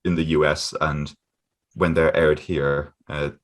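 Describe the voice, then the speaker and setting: A man in a casual podcast chat who talks haltingly, with many pauses and short laughs. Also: rumbling low, flat delivery. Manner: halting, lots of "uh" fillers, laughs often.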